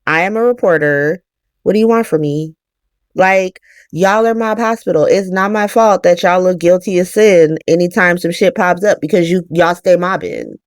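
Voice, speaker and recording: A woman's voice: lowish voice, normal speed, dry recording, studio quality, close to an everyday voice. A woman voicing a young female reporter, speaking in a sassy, dismissive way. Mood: defiant.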